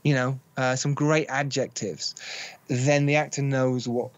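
Film director, lively storytelling. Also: male voice, medium pitch, measured pace, no echo, muffled recording. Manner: animated storyteller acting out quotes. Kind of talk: podcast interview.

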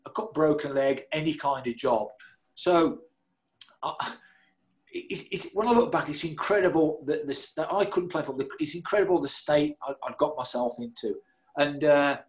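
A man, a guest telling lively, self-deprecating stories and laughing through them. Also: mid-range voice. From Birmingham, England. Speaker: guest, former footballer. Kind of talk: anecdotal storytelling.

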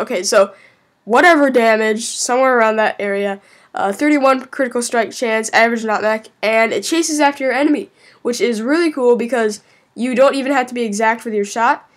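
Woman, game reviewer, casual commentary, rambling, somewhat high-pitched. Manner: rambling, chatty, frequent hesitations.

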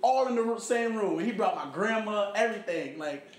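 High-voiced young man telling a story. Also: brisk. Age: young adult, about 21. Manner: animated, acts out quoted people, frequent "you know what I'm saying". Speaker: interviewee in a photo project. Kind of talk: casual storytelling conversation. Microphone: recorded conversation played back in the talk. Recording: echoey room with faint background noise.

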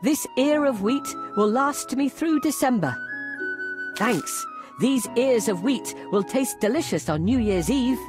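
A woman's voice: fairly high pitch, lively intonation, a little slow, music in the background. A woman voicing a wise, hardworking male ant in a cartoon, stern and earnest. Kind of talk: cartoon voice acting.

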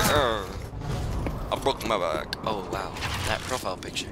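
A young man plays a shooter indoors at his home computer, making casual, jokey YouTube commentary punctuated by yelps and laughs. He has a lowish voice and a measured pace, with loud music and game gunfire behind him.

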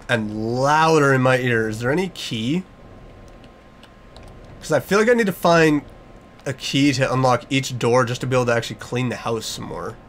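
A man's voice: medium pitch, fairly bright tone. A young man, giving a jokey, nervous running commentary as he plays a horror game. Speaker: gaming YouTuber.

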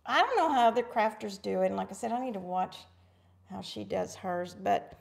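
Bubbly gravelly-voiced woman crafter. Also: mid-range voice, expressive, moderate pace. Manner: bubbly, gasping, talks to viewers as friends. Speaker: craft live-stream host. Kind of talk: casual live craft demo chat.

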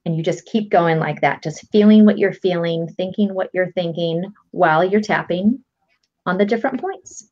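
Woman coach, low register, patient instructor, muffled lo-fi audio. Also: moderate pace. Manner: calm, patient, explains step by step. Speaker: guest EFT coach. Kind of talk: instructional explanation. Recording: lo-fi dull audio.

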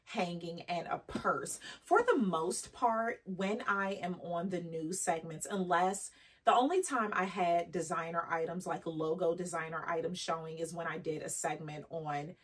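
A woman talks casually to her viewers, rambling from one thought to the next and dropping in the odd French word. Her voice sits low and a little husky. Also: unhurried, distant mic. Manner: chatty, rambling, sprinkles French words. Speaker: fashion vlogger.

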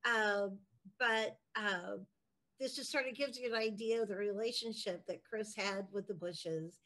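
A woman's voice: on the high side, fairly bright tone, poor audio. A woman hosting a book discussion, prompting her guest with friendly, teasing questions. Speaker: host interviewing a guest.

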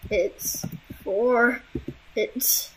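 Young woman playing a game and chatting, high bright voice, slow giggly delivery. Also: fairly even intonation, a little hiss or hum. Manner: giggly, exclamatory, reacting out loud. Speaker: gamer. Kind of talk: casual game commentary.

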